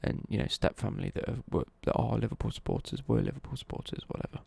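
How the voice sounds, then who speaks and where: A young man talks through a live stream at home, rambling and self-correcting as he answers viewers. His voice is mellow, dark and edged with gravel. The sound is dry and close. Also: fairly low pitch, wildly swooping pitch, fast talker, dry recording. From East Midlands, England.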